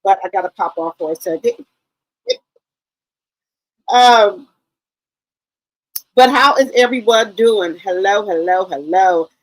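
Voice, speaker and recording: Relaxed woman hosting a live stream. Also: medium pitch, takes it slowly, long pauses, no echo, rough recording. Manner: greets viewers one by one with repeated hellos; relaxed, rambling, with many ums. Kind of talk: casual live-stream chat.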